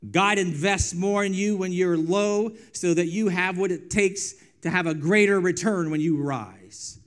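A man preaching a sermon as pastor, moving between loud, emphatic lines and quiet, hushed ones, with drawn-out phrasing and repeated refrains. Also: sits high.

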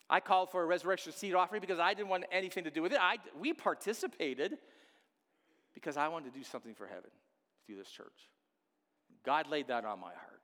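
Pastor guy preaching, repeats his lines, slightly high voice, big echoey hall. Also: quick pace. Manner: animated preaching, repeating key phrases. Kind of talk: sermon.

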